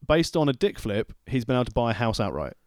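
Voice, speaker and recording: A man co-hosts a podcast in a mid-pitched, matter-of-fact voice. He speaks in measured runs. The sound is dry and close on the mic. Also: very animated, no room sound. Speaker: podcast co-host. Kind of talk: casual wrestling podcast chat.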